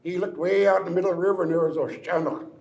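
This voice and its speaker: A man's voice: sits high, steady tone, rapid-fire, creaky, muffled recording, noisy background. An older man, a tribal elder, telling a traditional story in a playful, chuckling, teasing way. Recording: echoey room, faint ambience.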